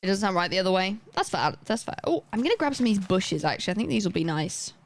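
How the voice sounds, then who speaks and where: A woman's voice: medium pitch, very animated, fast. A young woman livestreaming a game, chatting casually and rambling as she plays and talks to her chat.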